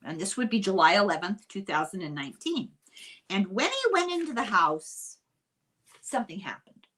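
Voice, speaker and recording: An older woman hosting a podcast, telling a true-crime story in a chatty, unhurried way with dry asides. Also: mid-range voice, very animated, fairly bright tone. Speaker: podcast host.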